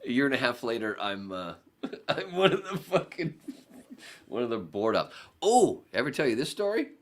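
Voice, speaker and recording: A man telling stories as a podcast guest in casual chat, animated and profane. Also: medium pitch, moderate pace.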